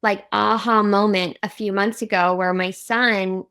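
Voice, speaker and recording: A woman's voice: medium pitch, steady tone, unhurried, a bit bright, clean tone. A woman in her thirties hosting a podcast, telling a personal story in a heartfelt, reflective way. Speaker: podcast host. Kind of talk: casual podcast conversation.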